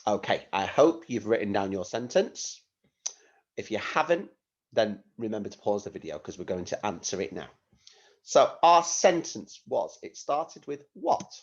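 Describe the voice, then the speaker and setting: A male primary teacher leads a recorded phonics lesson at a slow, patient pace, his fairly low voice swinging up and down in a lively sing-song. The sound is a little dull and lo-fi. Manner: patient, sing-song, spells words letter by letter.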